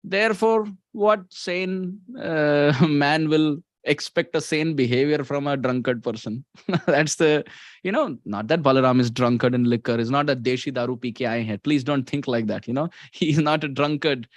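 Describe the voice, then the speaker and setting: Indian male preacher, lively storytelling sermon, slightly high voice, dry close sound. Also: moderate pace, no echo. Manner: animated, often laughing mid-sentence.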